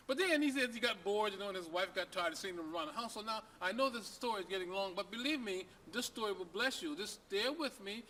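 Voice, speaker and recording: Brief: folksy male joke-teller talking to camera, high bright voice, chatty with rhetorical questions. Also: a little hiss or hum. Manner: folksy, conversational, asks the listener rhetorical questions. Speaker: storyteller.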